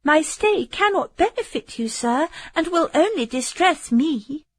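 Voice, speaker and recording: A woman's voice: high-pitched, expressive, measured pace, no echo, voice pushed up. A woman putting on a tremulous, frightened young captive. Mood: tremulous pleading.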